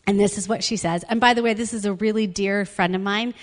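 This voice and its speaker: A woman's voice: mid-range voice, fairly even intonation, fairly quick, big-room sound. A woman giving a personal testimony sermon as a guest speaker, telling her story in an earnest, conversational way.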